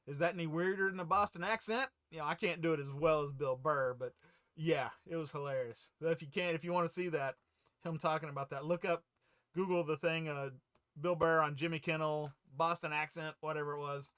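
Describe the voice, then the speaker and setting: A man with a fairly high, bright voice, recorded dry and close. He hosts a loose read-through of fan news, rambling between headlines with fillers and small chuckles. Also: fairly even intonation, brisk, clean tone, no echo. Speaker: host of a fan news channel.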